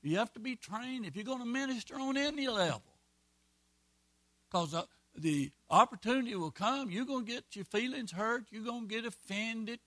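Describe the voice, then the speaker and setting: A man preaching a sermon as pastor, folksy and emphatic, with quick repeated phrases and asides. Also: extremely high pitch, fairly bright tone, no room sound.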